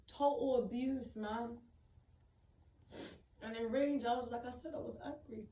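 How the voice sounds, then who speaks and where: A young woman, tearful and upset, recounting a painful personal story in a rambling, repetitive way full of emphatic slang. Her voice sits a little high for a woman. It is recorded from some distance in a roomy, echoing space. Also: fairly even intonation, unhurried, pauses often, dark tone. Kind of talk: emotional personal testimony.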